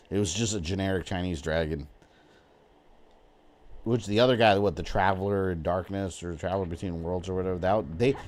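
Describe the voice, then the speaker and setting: A man's voice: sits low, a little mellow, a little hiss or hum. A man from Florida chatting casually and rambling while streaming a video game, with the odd swear word. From Florida, USA. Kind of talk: casual gaming livestream chat.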